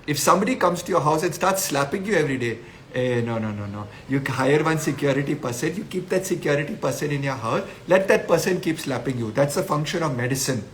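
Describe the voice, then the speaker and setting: A man's voice: on the high side, lively intonation, fast, hardly any pauses, slight background noise. A middle-aged man from India with an Indian English accent, a nutritionist answering viewer questions in a live talk, emphatic and scolding, with Hindi slang.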